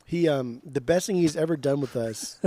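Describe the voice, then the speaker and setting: A man's voice: on the high side, moderate pace, dry recording. Rambling, swearing male podcast co-host. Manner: rambling, animated, swears freely. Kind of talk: casual chat.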